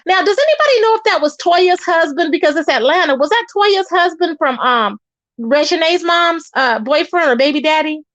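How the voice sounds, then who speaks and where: Host: woman, high voice, gossip commentary, dry close sound, dull audio. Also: moderate pace, dry recording. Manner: animated, chatty, reacts to live chat.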